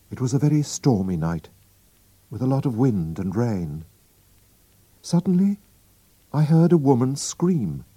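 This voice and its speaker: A man slowly and expressively reading a storybook aloud for learners. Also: on the low side, mellow, husky, dry recording. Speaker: narrator.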